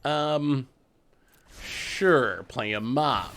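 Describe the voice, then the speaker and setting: A man's voice: on the high side, extremely slow, a bit bright, clear, resonant tone. A man hosting a show, giving casual commentary on a card game as he plays, chatty and laughing often. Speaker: host.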